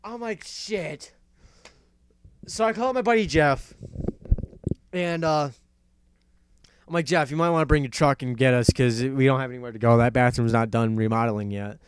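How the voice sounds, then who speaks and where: A young man hosting a casual talk show, telling a story in an animated way, laughing and swearing often. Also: mid-range voice, moderate pace, pauses often, clean tone. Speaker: podcast host.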